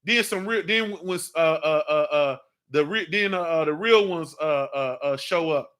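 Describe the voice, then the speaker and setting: High-voiced guy with aave, hosting a morning show, riffs on boxing, bright edge, keeps saying you feel me. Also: moderate pace. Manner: animated, slangy, repeats "you understand what I'm saying". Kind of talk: casual boxing talk monologue.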